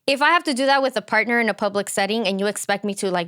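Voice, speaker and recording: A woman's voice: mid-range voice, a bit bright, clean tone. A young adult woman co-hosting a podcast in casual chat, talkative and emphatic. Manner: talkative, emphatic, fast restarts. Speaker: podcast co-host.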